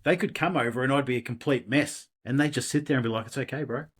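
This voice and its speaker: Man, middle-aged, candid storytelling, rambling with restarts, mid-pitched voice. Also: fast talker, slightly rough. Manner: candid, rambling, with many restarts and acted quotes. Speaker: podcast guest. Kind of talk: personal storytelling in an interview.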